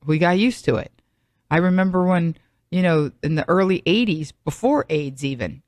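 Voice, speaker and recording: A woman's voice: on the low side, normal speed, darkish tone, no echo, clean studio sound. A middle-aged woman hosting a podcast, talking in a chatty, rambling monologue full of self-mocking asides. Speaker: podcast host. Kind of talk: solo comedic monologue.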